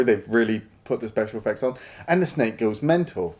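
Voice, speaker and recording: A man co-hosting a film review podcast speaks a little fast in a mid-range, slightly mellow voice with hardly any pauses. The chat is casual and animated, and he swears and acts out scenes.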